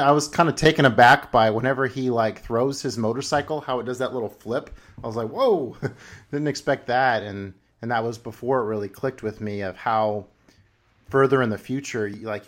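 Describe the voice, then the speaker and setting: A man's voice: medium pitch, fairly even intonation, brisk. A man hosting a film podcast, talking in a casual, rambling way full of ums, likes and restarts. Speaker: podcast host.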